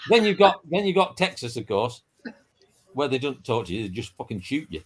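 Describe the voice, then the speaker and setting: A man's voice: medium pitch, sing-song, fairly quick, slightly rough. A man trading jokes and telling a long anecdote in casual banter with friends.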